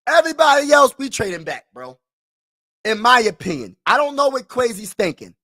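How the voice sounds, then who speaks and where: A male streamer chats casually with his audience in slang, with a sing-song lilt and a moderate pace. He repeats himself and moves between hushed mutters and frustrated outbursts.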